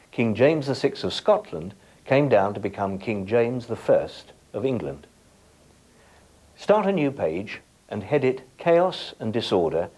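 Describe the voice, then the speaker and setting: A middle-aged male teacher presents a scripted lesson, speaking straight to the viewer and handing out tasks. His voice is low and slightly husky. His pitch rises and falls freely as he guides the class. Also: dark tone. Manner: instructive, addresses viewers directly with tasks.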